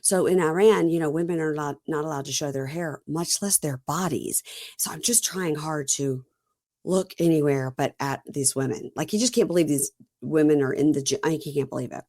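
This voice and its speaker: A woman's voice: low voice, moderate pace, dry recording, clean studio sound. A woman hosting a podcast, recapping a reality show in casual chat and quoting each scene back and forth. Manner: retells scenes by quoting both sides in her own voice, chatty and animated. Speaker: podcast host.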